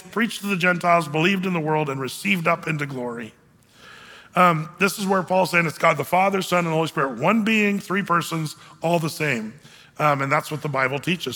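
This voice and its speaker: Man, preacher, high voice, emphatic sermon, long hall reverb. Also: bright, forceful tone. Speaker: pastor.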